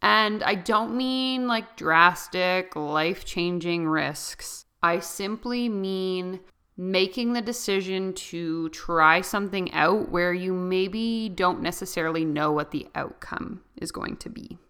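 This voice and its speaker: Solo podcast host: young woman, lowish and bright, chatty, rambling. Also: slow pace, clean tone. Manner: chatty and rambling, often laughing. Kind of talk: unscripted solo podcast talk.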